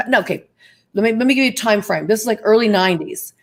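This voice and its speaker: Excitable woman telling a story. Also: on the high side, fast talker. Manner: excitable, emphatic, talks straight to the audience. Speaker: guest, Ouija board expert. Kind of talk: animated storytelling in an interview.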